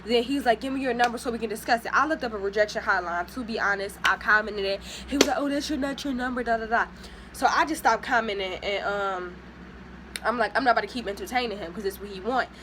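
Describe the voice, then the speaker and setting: A young woman vlogger telling a casual story, animated and sassy, mimicking the people she talks about. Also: medium pitch, fast, noisy background.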